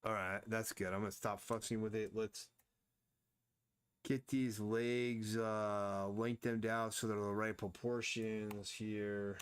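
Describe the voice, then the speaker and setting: A man with a fairly low voice talks his way through a drawing session on a live stream. He rambles and restarts his sentences as he works, keeping it loose and casual. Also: flat delivery, slow pace, clear, resonant tone. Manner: rambling, thinks aloud, frequent restarts.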